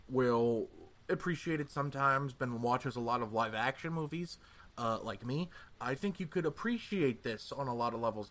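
A man's voice: medium pitch, a bit bright. A young man co-hosting a casual podcast, jokey and blunt, swearing freely. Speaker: podcast co-host.

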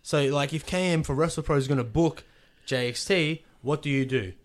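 A man's voice: a little high, moderate pace. A young man with an Australian accent, a guest wrestler chatting casually on a podcast. He rambles, swears freely and acts out quoted dialogue.

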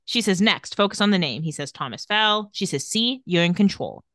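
Lively woman recapping with a friend. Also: mid-range voice, brisk, no echo, clean studio sound. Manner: recounts scenes, reading out characters' lines, laughs often. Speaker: podcast co-host recapping a TV episode. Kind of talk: casual chat.

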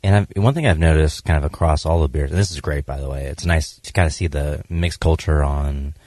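A man's voice: rumbling low, a little fast, no room sound. A man hosting a podcast in casual chat, talking loosely with lots of fillers. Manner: relaxed, filler-heavy talk. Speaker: podcast host.

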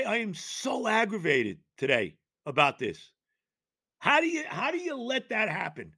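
A sports talk host ranting in exasperation, stumbling over repeated words and breaking into shouts. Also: male voice, high-pitched, no room sound, clean studio sound. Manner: exasperated, ranting, stammering restarts, bursts of shouting.

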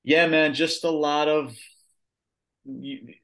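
A man co-hosting a podcast, giving a casual, animated wrestling review with blunt, sweary rants. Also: a little high, takes it slowly. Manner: ranting, animated, swears freely. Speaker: podcast co-host.

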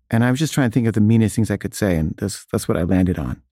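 A man's voice: on the low side, fast talker, hardly any pauses, warm tone, no echo, studio quality. A man casually telling a personal story, full of filler words.

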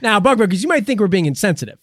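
Rambling deadpan podcast host. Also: male voice, sits high, very fast, no room sound, studio quality. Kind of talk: casual comedic chat.

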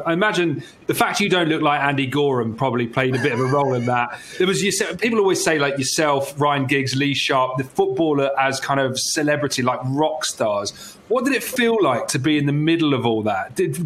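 A man hosting a casual interview, asking questions in a relaxed, loose way. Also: a little high, brisk, slight background noise. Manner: relaxed, loose phrasing with fillers. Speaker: podcast host.

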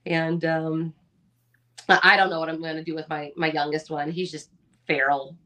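A woman's voice: sits low, little pitch movement, moderate pace, pushed and bright. A woman in her thirties, a mother of four, talking candidly and with animation in a casual chat, swearing now and then. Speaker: podcast co-host.

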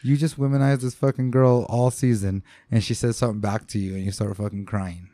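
Mellow, laid-back man. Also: on the low side, steady tone, fairly quick, no echo. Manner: laid-back, profane, frequent agreeing interjections. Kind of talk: casual chat.

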